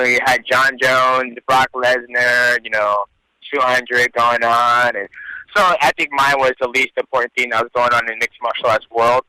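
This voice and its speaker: A man answering interview questions in relaxed storytelling, casually swearing. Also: medium pitch, clean tone, no echo, rough recording. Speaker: guest athlete, UFC champion.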